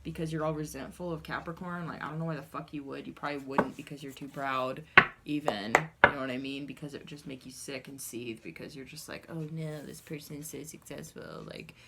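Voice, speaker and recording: A low-pitched woman talks through a tarot reading in a relaxed, conversational way. She is blunt and unfiltered, swears freely, and keeps addressing her viewers directly. It sounds like a solo recording made to camera. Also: fairly quick, heavy background noise. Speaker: tarot reader.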